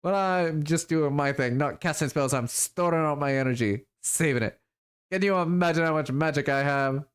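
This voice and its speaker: A man's voice: a little high, moderate pace, clear, resonant tone, voice pushed up, lightly acted. A man voicing a scrawny, cheerful street elf drug dealer with sly, boastful sales patter, reading a video game aloud. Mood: conspiratorial.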